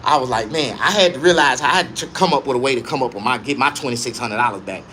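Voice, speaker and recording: A male comedian telling a raunchy, profane story, swinging between low muttering and loud, high yelps. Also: very fast, slight background noise.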